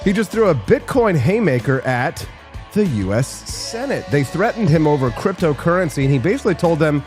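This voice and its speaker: A man hosting a live political talk show, joking and sarcastic with quick asides. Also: a little high, very animated, a little mellow, faint music behind. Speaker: host.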